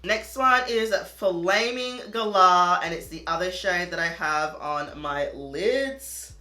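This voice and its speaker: A woman's voice: on the low side, slow pace, sharp tone, roomy sound. An Australian woman reviewing makeup in a casual, chatty vlog, full of "like" and self-amused laughs. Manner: chatty, lots of "like", laughs at herself. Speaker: beauty vlogger. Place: home room.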